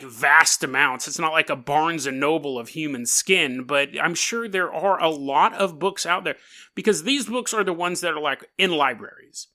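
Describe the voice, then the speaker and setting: A man's voice: a little high, bright, forceful tone. A man hosting a podcast in casual talk, joking and chuckling through his asides. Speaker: podcast host.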